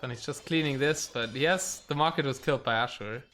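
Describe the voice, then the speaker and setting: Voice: medium pitch, brisk, fairly bright tone, slight background noise. A game stream caster giving casual live commentary, thinking aloud and reacting to the play at a desk mic.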